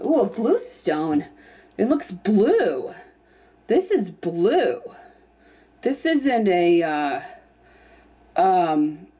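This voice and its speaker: A young woman chatting casually through an unboxing vlog, thinking aloud and at times breaking into excited squeals. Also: mid-range voice, husky. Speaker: YouTube vlogger.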